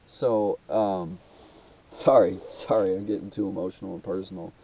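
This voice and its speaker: Young man, low dark voice, congested, rambling and profane vlog monologue, mic a little distant. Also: steady tone, moderate pace, a little hiss or hum. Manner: casual and swearing, calls listener dude, many restarts and fillers. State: blocked nose, trouble breathing. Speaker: self-made video host. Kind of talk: rambling personal monologue to camera.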